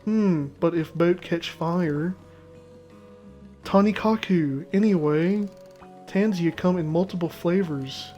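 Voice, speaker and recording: Brief: swaggering little cat deckhand, read aloud by a gamer, clipped broken phrasing, medium pitch. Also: slow, mellow, dull audio, soft background music, lightly acted. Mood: pompous. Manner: clipped pidgin phrasing sprinkled with Japanese words. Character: boastful male cat sailor, broken speech.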